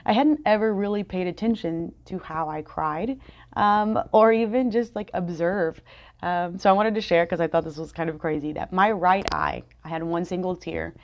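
Gravelly low-voiced woman, candid and rambling. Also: moderate pace. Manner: candid, rambling, many fillers and self-corrections. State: just finished crying. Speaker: podcast host. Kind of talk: personal reflective monologue. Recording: dull lo-fi sound.

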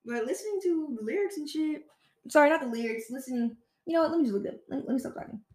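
A woman's voice: high voice, animated, quick pace, darkish tone, echoey room. A woman podcast host chatting casually, rambling and correcting herself, with the odd swear word. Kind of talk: casual solo chat.

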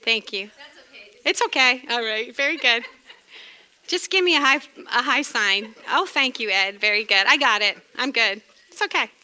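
A middle-aged woman with a New England accent teaching a sermon in a chatty way, laughing often and breaking into lively exclamations. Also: fairly high pitch, normal speed. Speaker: Bible teacher.

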